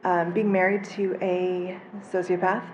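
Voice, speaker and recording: A woman in the audience speaking slowly and deliberately as she asks the panel a question. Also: fairly low pitch, flat delivery, a little mellow, slight background noise. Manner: slow, measured, gravelly. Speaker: audience member asking a question. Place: convention panel room.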